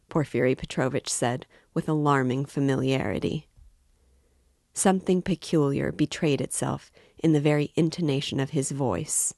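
A woman's voice: rumbling low, unhurried, gravelly, darkish tone, no room sound, clean studio sound. Woman reading a classic novel aloud. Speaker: audiobook reader. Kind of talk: literary audiobook narration.

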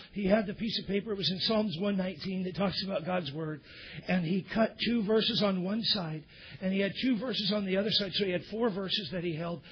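Husky male preacher in church, goes loud then drops way down, kinda muffled lo-fi sound. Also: sits high. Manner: preaching with sudden loud bursts and drops to near whisper. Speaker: pastor. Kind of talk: sermon.

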